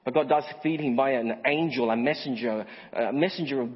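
A man preaching a sermon as pastor, asking the congregation direct questions and swinging from high emphatic peaks to quiet asides. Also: a little fast, few pauses, husky. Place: church. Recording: muffled church sermon recording with long reverb.

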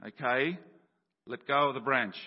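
A preacher voicing God as a calm, patient figure, giving gentle, unhurried instructions. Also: male voice, medium pitch, lightly acted. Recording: dull sound with long church reverb.

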